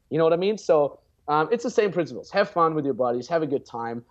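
A young man in his twenties speaks as a guest coach, his voice sitting a bit high for a man. He talks bluntly and swears freely. The sound comes through slightly dull and lo-fi. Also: lively intonation, fast. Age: 20s. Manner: blunt and profane, freely acts out example lines. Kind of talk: casual podcast chat.

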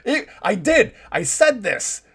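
A man's voice: high-pitched, sing-song, takes it slowly, creaky, slightly rough. A man giving solo baseball commentary in a chatty, opinionated way, with sarcastic asides.

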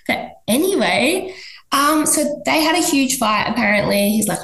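A woman guest on a podcast, telling a personal story in an animated way and jumping high in pitch when she quotes people. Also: normal speed. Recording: echoey room.

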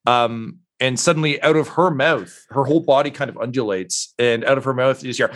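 Male game master, rambling narration, frequent fillers, mid pitch. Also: a little fast, hardly any pauses, a bit bright. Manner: rambling, many fillers, laughs while narrating. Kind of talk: narrating a tabletop role-playing game.

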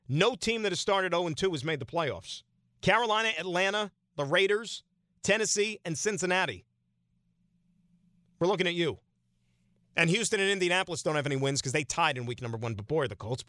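A man's voice: high-pitched, pushed and bright, no room sound, clean studio sound. A man hosting a sports talk radio show, giving an opinionated monologue full of rhetorical questions.

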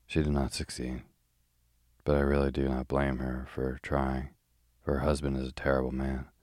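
A man's voice: extremely low pitch, completely flat delivery, moderate pace, a little mellow, no echo, studio quality. A man voicing a chatty, pious older spinster housekeeper in a sleepy bedtime audiobook reading. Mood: gossipy. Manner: chatty, prim, old-fashioned.

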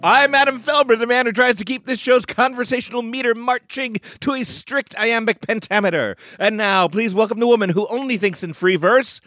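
A man's voice: extremely high pitch, brisk, hardly any pauses, bright, forceful tone, soft background music. A man hosting a comedy podcast, opening with a playful rhyming intro and bantering with his co-host. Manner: playful, rhyming sing-song delivery in the intro. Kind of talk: comic podcast chat.

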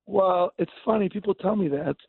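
A man from California calling in to a radio show, rambling excitedly and repeating his words. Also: sits high, moderate pace, gravelly, breathy edge, no room sound. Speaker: caller. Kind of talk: casual call-in chat. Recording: tinny phone line.

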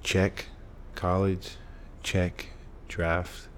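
A man's voice: deep voice, level tone, extremely slow, a little hiss or hum. A man, a former pro football player, telling an interview story in an earnest, emotional way with lots of repetition.

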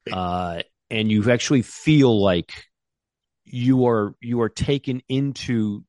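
A man's voice: medium pitch, takes it slowly, darkish tone, dry recording, clean studio sound. A man co-hosting a casual sports podcast, rambling enthusiastically with many restarts. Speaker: co-host.

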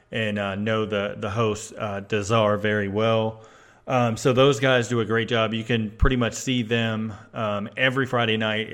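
Low, flat-voiced male co-host. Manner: halting, measured, many "uh"s. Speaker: podcast co-host. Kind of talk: casual podcast chat.

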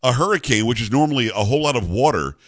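With a mid-range, expressive voice that's fairly bright and free of echo, a South Florida–raised talk radio host fires off emphatic opinions. His delivery is a rapid-fire rant.

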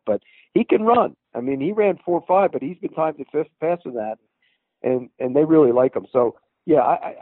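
A man's voice: on the high side, no room sound. A man calling in as a football reporter, giving sports analysis in a matter-of-fact, confident way. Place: at a team practice facility. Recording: tinny phone line.

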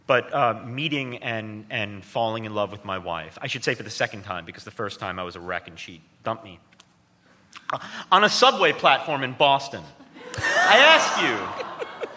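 A man's voice: fairly low pitch, big pitch swings, moderate pace, pushed and bright, long reverb tail. A man interviewed about his book, talking in a joking, self-deprecating way with many restarts. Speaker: author and guest. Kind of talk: interview conversation. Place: stage before an audience.

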